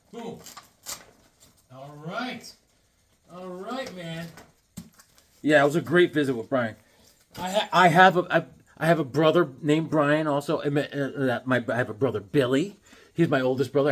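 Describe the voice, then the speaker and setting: Casual male vlogger, high voice that jumps all over, excitable and rambling with groan-worthy jokes. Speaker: comic book collector showing new comics. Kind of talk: casual vlog chat.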